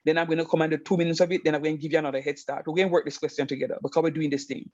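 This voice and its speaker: A man's voice: fairly high pitch, racing, no room sound, highs cut off. A man teaching a math class over a video call, telling stories with emphasis before explaining rules. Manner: animated storytelling, emphatic. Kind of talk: online math lesson.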